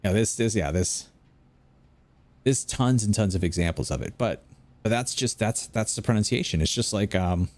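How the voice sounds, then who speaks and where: A man's voice: lowish voice, normal speed, a little mellow. A man, rambling and chatting with viewers during casual gameplay commentary at home late at night. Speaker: gaming video creator.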